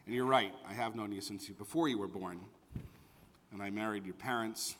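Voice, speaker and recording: A man serving as rabbi, speaking a sermon to a bar mitzvah boy in a conversational storytelling way with pauses for emphasis, in a synagogue sanctuary. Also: on the low side, fairly bright tone, slight background noise. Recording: echoey sanctuary with long reverb.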